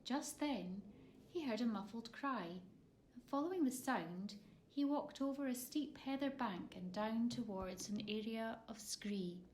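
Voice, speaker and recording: A woman narrating her own children's story in an expressive, measured way. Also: on the high side, slight background noise. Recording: roomy echo.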